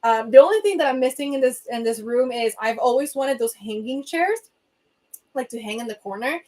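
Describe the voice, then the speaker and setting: A young woman from Venezuela with a Venezuelan accent, Spanish her first language, talks in a bubbly, chatty way on a casual livestream. Her voice sits fairly high. She speaks into a phone from a reading corner in her home. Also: lively intonation, darkish tone. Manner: bubbly, chatty, quick asides and laughs. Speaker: livestream host.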